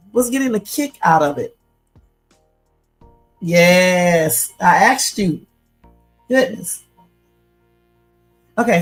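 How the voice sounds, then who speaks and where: Animated, laughing woman streamer, casual storyteller, soft music underneath. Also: on the low side. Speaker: livestream host.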